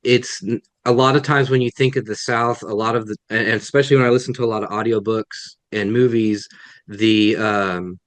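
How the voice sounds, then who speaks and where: Low-voiced guy on a webinar call, dry close sound, thinks out loud and restarts a lot. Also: steady tone, moderate pace, no echo. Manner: thoughtful, self-correcting, many restarts. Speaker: guest author. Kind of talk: webinar Q&A answers.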